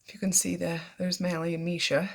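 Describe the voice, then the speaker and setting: Chatty mom with a gravelly low voice. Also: female voice, little pitch movement, fairly quick. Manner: chatty, homely, talking straight to viewers. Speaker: vlogger and mother. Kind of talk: casual day-in-the-life vlog narration. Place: home and car, in Nova Scotia. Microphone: handheld phone camera.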